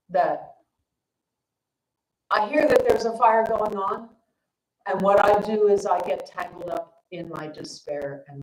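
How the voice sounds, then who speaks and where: A woman dharma teacher telling a story at a family service, casual and self-deprecating, with fillers. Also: medium pitch. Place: temple hall. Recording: echoey temple hall.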